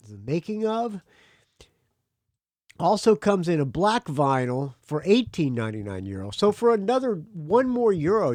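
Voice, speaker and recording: A man's voice: mid-range voice, a little mellow, no echo, clean studio sound. A man hosting his own podcast, talking casually and rambling, now and then swearing. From United States. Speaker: podcast host. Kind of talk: casual solo podcast talk.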